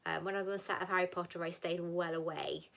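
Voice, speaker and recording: A woman in her thirties from Wales, hosting a casual live Q&A and chatting warmly with viewers, calling them "lover" and "sweetheart". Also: lowish voice, steady tone, quick pace, creaky. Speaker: livestream host answering viewer questions.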